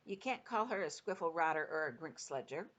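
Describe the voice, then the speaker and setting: Grandma doing a high earnest little girl. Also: expressive, brisk, fairly bright tone, lo-fi sound. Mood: indignant. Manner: earnest, pleading. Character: brave, indignant little girl.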